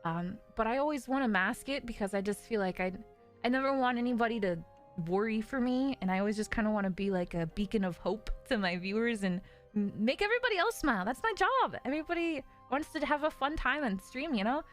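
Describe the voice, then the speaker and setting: A woman's voice: a little high, lively intonation, brisk, faint music behind. A woman in her twenties, a streamer, talking in casual live-stream chat in an earnest, confiding way with many fillers.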